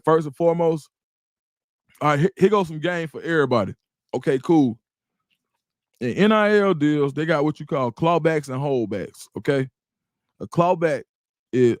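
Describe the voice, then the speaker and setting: A middle-aged man with an Atlanta accent, hosting a casual livestream, reading chat comments and talking in a loose, animated, slangy way. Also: medium pitch, dry recording, studio quality. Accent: Atlanta Black Southern English. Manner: animated, repeats words, slangy, reads chat aloud. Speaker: livestream host.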